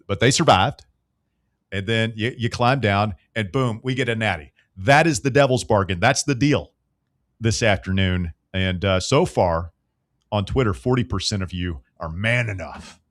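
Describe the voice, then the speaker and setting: A man's voice: fairly low pitch, normal speed, a bit bright, dry recording, clean studio sound. A man hosting a sports radio show, ribbing his co-hosts with hyped-up banter. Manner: teasing, hyped-up needling. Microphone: studio microphone.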